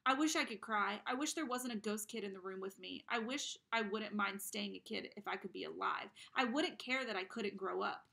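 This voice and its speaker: Gravelly, bright woman reading aloud. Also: medium pitch, normal speed, hardly any pauses. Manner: expressive, dramatic first-person narration. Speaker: reader.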